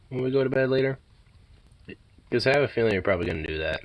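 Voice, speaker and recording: A man talking to his dog in soft, doting baby talk, drawing out his words. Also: low-pitched, animated, brisk, pauses often, low-quality recording. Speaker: pet owner.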